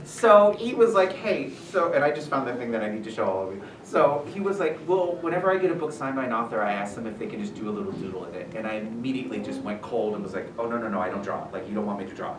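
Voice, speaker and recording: Man, lively storyteller, self-deprecating, lots of fillers, distant mic, echoey noisy room. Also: medium pitch, quick pace, few pauses. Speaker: visiting author. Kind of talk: casual storytelling talk to students. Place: school room. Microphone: far room mic.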